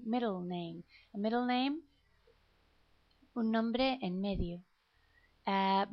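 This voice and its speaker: A woman with a Spanish accent teaches an English lesson at an unhurried, deliberate pace. She repeats each word and spells names out letter by letter. The sound is dull and lo-fi. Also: fairly high pitch. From Spain. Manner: patient, repeats words and spells them out letter by letter. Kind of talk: slow classroom explanation. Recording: dull lo-fi recording.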